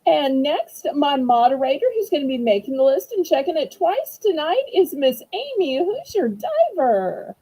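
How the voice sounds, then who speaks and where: A Southern woman hosts a live online auction, chatting warmly and effusively with viewers. Her voice sits high, with a dark, mellow tone. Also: big pitch swings, moderate pace, hardly any pauses, low-quality recording. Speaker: auction host. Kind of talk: live-stream auction chat.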